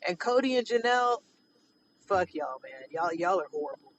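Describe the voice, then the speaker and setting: A man's voice: high voice, big pitch swings, moderate pace, a bit bright, distant mic, lo-fi sound. A man leaving an indignant, emphatic voicemail and repeating his points, with traffic noise behind him. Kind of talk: voicemail message.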